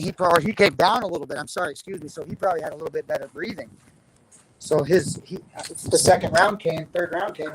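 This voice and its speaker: Rambling man with a noisy line. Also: fairly high pitch. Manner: rambling, restarts often. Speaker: guest fighter. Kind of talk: casual interview.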